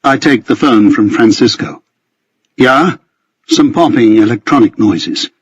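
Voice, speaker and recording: A man with a husky voice narrating a first-person novel in a measured storytelling manner. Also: on the low side, dry recording, muffled recording. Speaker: audiobook narrator.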